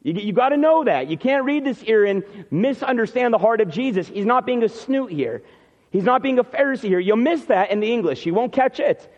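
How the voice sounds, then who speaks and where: A man's voice: very high voice, expressive, a little fast. A man preaching a sermon, retelling the scene and acting out what the people say. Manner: storytelling, acts out scenes. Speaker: pastor. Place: church sanctuary. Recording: muffled hall reverb.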